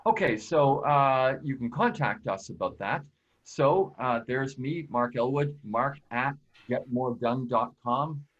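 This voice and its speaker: A man presenting a webinar in a casual, friendly way, often pausing with fillers. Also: medium pitch, husky. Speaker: productivity expert and presenter. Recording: slightly dull, lo-fi audio.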